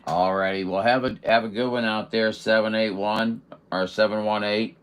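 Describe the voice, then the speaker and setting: Man, amateur radio operator, folksy and chatty, lowish voice, lots of fillers. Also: fairly even intonation, moderate pace, a little hiss or hum. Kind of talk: radio contact chat.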